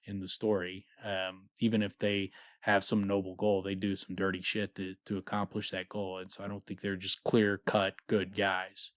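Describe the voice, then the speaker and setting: Man with a low voice, casual podcast chat, sarcastic, animated, dry close sound. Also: normal speed, hardly any pauses, no echo. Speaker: podcast co-host. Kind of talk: casual book discussion chat.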